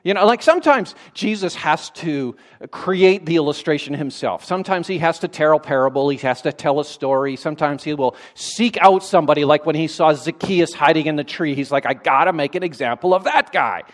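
A man's voice: a little high, a little fast, few pauses. A man preaching a sermon in a conversational way, with dry sarcastic asides.

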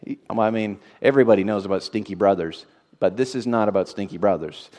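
A man preaching a sermon in an expressive way, moving from loud emphasis to a hushed, tender tone. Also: lowish voice, brisk.

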